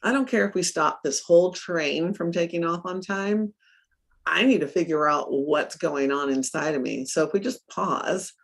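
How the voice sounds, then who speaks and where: A middle-aged woman coach in a casual interview, telling stories with lively acted-out quotes and frequent laughs. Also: fairly low pitch, moderate pace, gravelly. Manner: animated storyteller, acts out her own quotes, laughs often.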